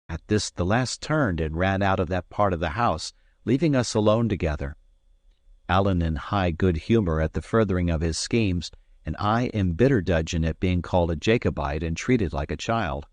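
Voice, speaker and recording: Deep-voiced, expressive male audiobook narrator. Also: normal speed, no room sound. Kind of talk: scripted narration.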